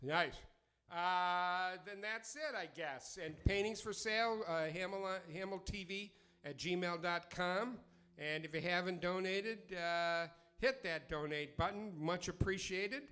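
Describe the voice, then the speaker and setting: A middle-aged man on a live stream, talking in a loose, halting way between numbers. When he performs, his slightly raised voice settles into a driving, rhyming spoken word beat, full of sardonic jabs and profanity. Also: sits high, bright, forceful tone, clear, resonant tone.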